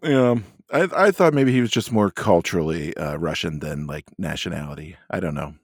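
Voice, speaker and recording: Very deep-voiced rambling podcast man. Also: lively intonation, brisk, slightly rough, dry recording, clean studio sound. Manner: rambling, hedging, jokey. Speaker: podcast co-host. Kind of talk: casual chat.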